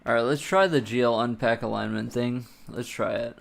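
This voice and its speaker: A man's voice: mid-range voice, normal speed, vocal fry. A man live-streaming his game engine coding, thinking aloud, muttering to himself and swearing casually.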